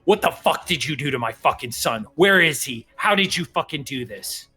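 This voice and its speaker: A man voicing a frantic, furious father who shouts and swears while searching for his missing son. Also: on the high side, lively intonation, moderate pace, husky, faint music behind, full character voice. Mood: enraged.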